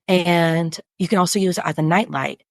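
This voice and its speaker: With a fairly low, gravelly voice at normal speed and no room sound, a special education teacher talks as a podcast guest. It's a casual conversational interview, and she's earnest and chatty, imitating what students and parents tell her.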